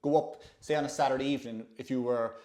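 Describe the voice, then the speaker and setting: A man's voice: medium pitch, fairly even intonation, fast, dark tone, reverberant. A Northern Irish man hosting, talking casually in a chatty, rambling way and laughing often. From Northern Ireland. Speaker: host. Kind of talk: casual chat.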